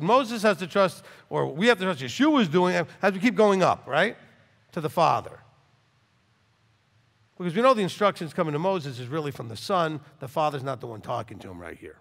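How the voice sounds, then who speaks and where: Animated man teaching in an echoing hall. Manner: animated, acts out dialogues in wide swings of pitch and loudness. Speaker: rabbi teaching Torah study. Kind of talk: lively Torah teaching to a live class. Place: hall with a live audience. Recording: long reverb in a hall.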